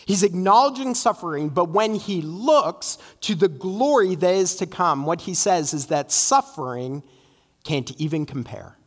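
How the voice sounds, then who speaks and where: High-voiced preacher in an echoing hall. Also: male voice, expressive, measured pace, fairly bright tone. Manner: earnest, emphatic preaching with repeated "right?" asides. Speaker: pastor. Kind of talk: sermon. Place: church sanctuary.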